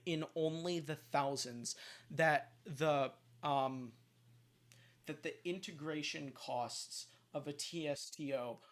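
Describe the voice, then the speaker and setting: Stumbling young-sounding male moderator. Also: fairly high pitch. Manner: stumbling over words, restarting questions. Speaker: debate moderator. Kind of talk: casual debate chat.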